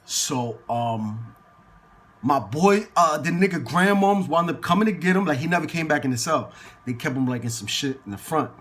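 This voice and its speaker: A man's voice: a little high, moderate pace. A man telling a casual story in slangy, profane street talk, acting out the people in it. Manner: slangy and profane, acts out quoted people in lively bursts.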